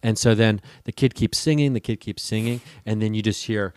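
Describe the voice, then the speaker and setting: A man with a fairly low voice tells a long personal story in a relaxed chat. He swears freely and acts out the people in his story with lively voices. The sound is close and dry, with no room echo. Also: a little fast. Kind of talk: casual storytelling.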